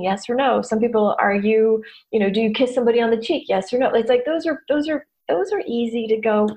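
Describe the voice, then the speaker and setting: A middle-aged woman, a therapist and teacher, talking candidly to an audience and acting out quoted voices. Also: a little high. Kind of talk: talk to an audience.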